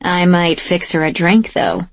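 A man's voice: sits high, fairly even intonation, a little slow, no echo. Woman playing a wry, dangerous male warrior. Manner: smooth, dry and bitter.

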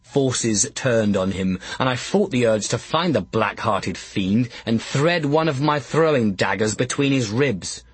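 A man narrating an audiobook in a measured, first-person storytelling manner. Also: mid-range voice, lively intonation, husky, dry recording.

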